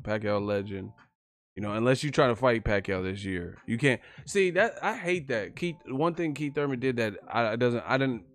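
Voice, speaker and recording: A young man giving casual, profane live-stream boxing commentary, joking and laughing loosely. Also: mid-range voice.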